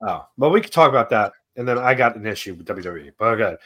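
A man's voice: lowish voice, animated, fast talker, fairly bright tone. A man co-hosting a podcast in casual chat, teasing and asking playful questions. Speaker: podcast co-host.

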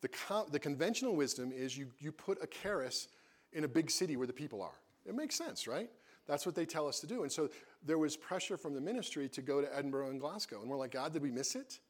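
A man's voice: a little high, expressive, quick pace. Earnest man sharing a mission story. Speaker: missionary co-host. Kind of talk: casual testimony talk.

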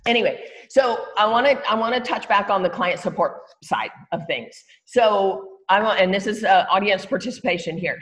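A woman co-leading a team training call, chatty and laughing easily as she speaks straight to the group. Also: mid-range voice. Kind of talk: casual training talk on a call.

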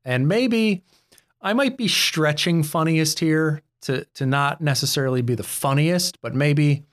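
A man's voice: a little high, a little slow. A man co-hosting a movie podcast, asking questions and reacting in a friendly, easygoing way. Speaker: podcast co-host, movie reviewer. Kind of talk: casual podcast discussion.

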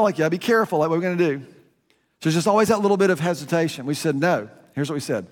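A man's voice: on the high side, racing. A man preaching a conversational sermon, his voice rising and dropping for emphasis. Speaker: pastor. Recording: long reverb of a large room.

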